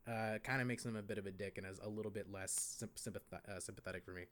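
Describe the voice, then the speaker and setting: A man's voice: fairly low pitch, fairly even intonation, quick pace, fairly bright tone, a little hiss or hum. A man co-hosting a podcast, chatting casually in a laid-back, slangy, rambling way. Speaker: podcast co-host. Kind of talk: casual chat.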